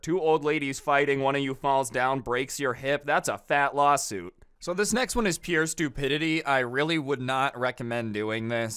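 A man's voice: medium pitch, a bit bright, smooth, no room sound, studio quality. A young man telling storytime tales in a casual, sarcastic, exasperated ranting way. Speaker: storytime YouTuber.

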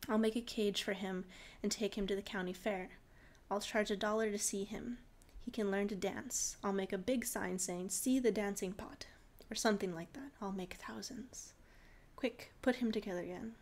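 A woman's voice: medium pitch, fairly even intonation, normal speed, a little mellow, close to an everyday voice. A woman reading aloud and voicing a greedy father who barks orders at his daughter. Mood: greedy excited. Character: gruff greedy middle-aged father, a scavenger.

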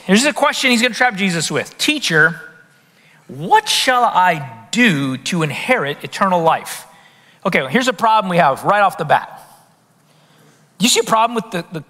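A man preaching with a high, bright, sharply ringing voice that leaps up and down as he drives his points home. He fires rhetorical questions at the congregation. His words carry a long reverb from a large hall. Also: slightly rough. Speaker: pastor. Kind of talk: sermon.

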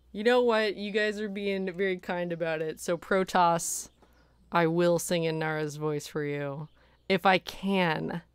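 A woman's voice: on the low side, smooth, no room sound. A woman streaming from her room, chatting casually, laughing often and thanking viewers, her voice tired at the end of the day. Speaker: streamer and voice actor. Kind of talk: casual livestream chat.

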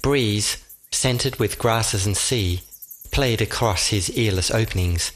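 Measured male storybook narrator. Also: lowish voice. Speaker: audiobook narrator.

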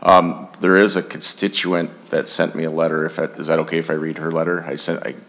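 A man's voice: rumbling low, flat delivery, quick pace, a bit bright, long reverb tail. A man, a state senator, speaking hesitantly at a committee hearing and reading aloud a letter.

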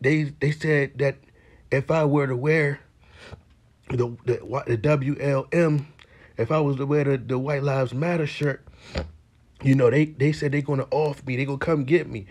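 A man's voice: mid-range voice, steady tone, unhurried, a little mellow. A man hosting a casual reaction video, joking in heavy slang and laughing often.

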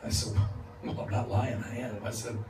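A man's voice: medium pitch, flat delivery, normal speed. Male preacher, conversational storyteller, distant mic, roomy church with background noise. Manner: conversational, acts out dialogue with laughs. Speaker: guest preacher. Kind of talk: storytelling sermon. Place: church sanctuary. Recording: echoey church from far off with noise.

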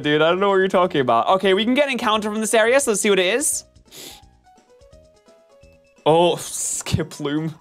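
A man streaming gameplay commentary, chatting with his viewers in an animated, self-mocking and melodramatic way. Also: high-pitched, normal speed, faint music behind. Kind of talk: live-stream gameplay commentary, reading chat.

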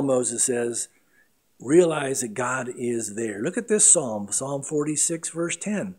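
A middle-aged man preaching a sermon as pastor, earnest and emphatic, with big swings between loud and quiet. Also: mid-range voice, expressive, takes it slowly.

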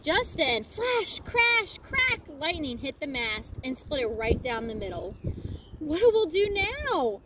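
A woman reading a picture book aloud in a lively, expressive storytelling manner, outdoors by a lakefront. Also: sits high, unhurried, few pauses. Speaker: storybook reader. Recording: noisy outdoor recording.

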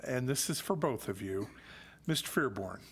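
A man's voice: mid-range voice, expressive, normal speed, breathy edge. A middle-aged man, a council member, speaks at a city meeting in a mid-range voice. His remarks are folksy and lightly joking as he turns to staff one by one.

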